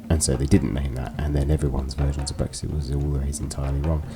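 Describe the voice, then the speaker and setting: A man's voice: very deep voice, level tone, quick pace. A man giving a casual, digressive political monologue with wry asides, with music playing behind him. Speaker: political commentary host.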